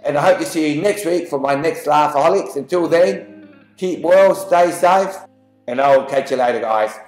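A man's voice: a little high, normal speed, a little mellow. A middle-aged man, casually telling jokes to camera in a folksy, chatty way. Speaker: joke channel host. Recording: echoey room with faint guitar music.

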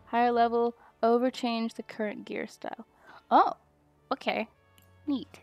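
A young woman streaming a video game, muttering to herself as she plays and bursting into excited squeals. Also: a little high, measured pace, gravelly, no room sound, lo-fi sound, faint music behind. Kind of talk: casual gaming stream chatter.

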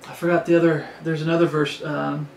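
A man's voice: a little high, flat delivery, fairly quick, gravelly. A man preaching a sermon, earnest and repetitive, often restarting his phrases. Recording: echoey room with faint background noise.

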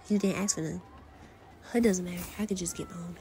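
Mellow-voiced woman in slangy role-play banter. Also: fairly low pitch, fairly even intonation, fast, husky. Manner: slangy, teasing banter, voicing several friends. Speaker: fan role-play voice performer. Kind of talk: casual fan role-play audio drama.

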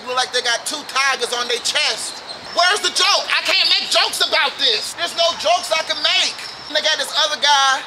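A man doing a loud, profane comedic rant outdoors, as host of his own show. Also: very high-pitched. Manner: loud, profane, animated ranting. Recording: outdoor noise with birds and traffic.

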